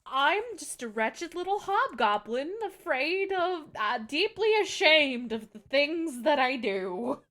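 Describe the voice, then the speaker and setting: A young woman streamer rambling casually to her viewers in a fairly high voice that swoops up and down a lot. She talks in a chatty, self-deprecating way and swears freely. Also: big pitch swings, slow pace, hardly any pauses, a bit bright.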